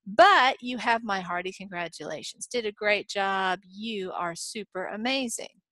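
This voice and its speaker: A woman's voice: mid-range voice, unhurried, bright, forceful tone, no echo. A woman voicing an eager male office coworker who stammers when indignant. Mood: bewildered.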